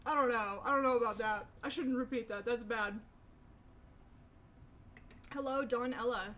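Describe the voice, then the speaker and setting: A woman's voice: on the high side, a little slow, pauses often, a bit bright, a little hiss or hum. A young woman chatting casually with her stream viewers, rambling and swearing freely. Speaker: livestreamer.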